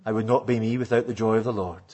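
A man imitating a preacher who drones on repetitively, in a husky voice. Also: fairly low pitch, fairly even intonation, fast, darkish tone, voice pushed down. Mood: droning. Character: droning male preacher repeating himself.

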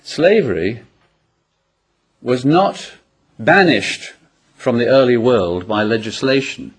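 A man's voice: mid-range voice, lively intonation, slow pace, slightly rough. A man preaching an expository sermon, asking the congregation rhetorical questions and illustrating points with personal anecdotes.

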